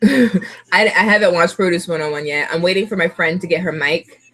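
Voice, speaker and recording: A young woman vlogger of Puerto Rican heritage chatting casually to camera, laughing often and gushing like an excited fan. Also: on the low side, brisk.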